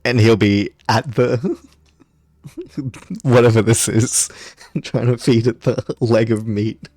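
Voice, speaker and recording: Guy mumbling his moves quick, super dry close sound. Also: medium pitch, a little mellow, no echo. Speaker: player. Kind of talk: tabletop game play.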